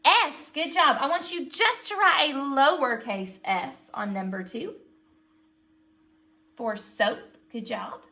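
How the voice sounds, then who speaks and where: A woman teaching a phonics lesson to young children, patient and slow, prompting them to repeat sounds after her. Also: sits high, bright, forceful tone.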